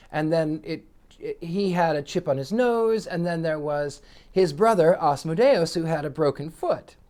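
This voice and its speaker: A man hosting his own psychic channel, telling a casual story in a chatty, rambling way with many restarts. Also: a little high. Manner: animated, acts out quoted voices.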